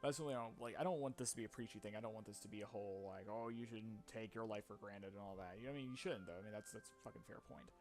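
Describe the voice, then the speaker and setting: A man's voice: lowish voice, racing, hardly any pauses, a little mellow, soft background music. Rambling, profane young man. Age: young adult. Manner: rambling, profane, self-mocking. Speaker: let's play commentator. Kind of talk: casual gameplay commentary.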